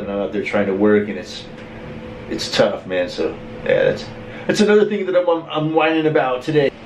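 A man's voice: lowish voice, darkish tone. A middle-aged man with the flu and a sore throat, rambling and complaining in a profane casual monologue to camera. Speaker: vlogger. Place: cold room with frozen windows. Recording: roomy echo with faint noise.

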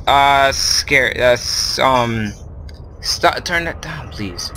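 A man's voice: medium pitch, animated, drawn-out words, pushed and bright, slight background noise. A man hosting a horror game video, nervous and rambling, filling gaps with lots of ums. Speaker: gaming video host. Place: at home with his brother nearby.

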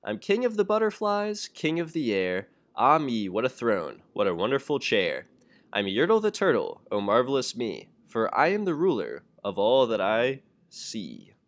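A man's voice: mid-range voice, huge pitch swings, normal speed. A young man voicing a boastful, pompous male turtle king who bellows his orders in a storybook reading. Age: young adult. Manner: bellowing, grandiose.

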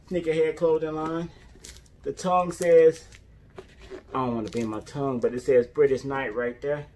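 A young man in a casual vlog, reviewing sneakers for his viewers and bursting into whoops and drawn-out stresses. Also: fairly high pitch, darkish tone.

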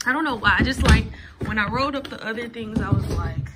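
A young woman talks to her viewers from her bedroom in loose, slangy chatter. Her voice sits somewhat high for a woman. The recording carries steady background noise and clicks. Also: a little fast. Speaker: vlogger. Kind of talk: casual chat to camera.

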